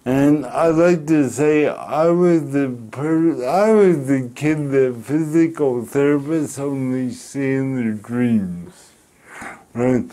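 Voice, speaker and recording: A middle-aged man from Canada, telling a personal story in an interview, speaking slowly and deliberately with pauses. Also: medium pitch, warm tone. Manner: slow, deliberate speech with pauses and restarts. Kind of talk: reflective storytelling.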